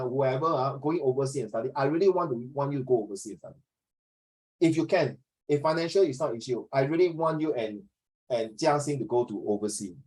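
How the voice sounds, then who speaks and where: A man's voice: a little high, darkish tone, rough recording. A Singaporean man teaching a class, chatty, slipping Chinese into his English and acting out little dialogues. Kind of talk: classroom lesson.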